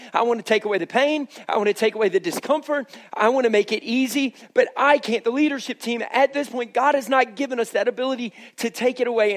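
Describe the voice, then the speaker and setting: A male pastor giving a sermon, telling a story in a conversational way and speaking straight to his congregation. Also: high-pitched.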